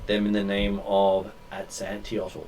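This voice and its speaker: A man running a tabletop game as game master, talking hesitantly with many pauses. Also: on the low side, monotone, darkish tone. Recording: distant from mic, faint noise.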